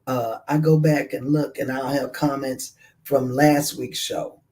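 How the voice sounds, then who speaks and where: A man's voice: mid-range voice, flat delivery, measured pace, a little mellow, low-quality recording. A man hosting a radio talk show, speaking casually and earnestly as he encourages listeners to share their stories.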